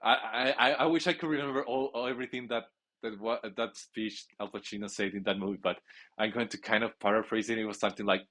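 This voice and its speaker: Excitable rambling man narrating his gameplay. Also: lowish voice, fast talker. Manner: excitable, rambling, with frequent restarts. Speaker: gamer playing a football video game.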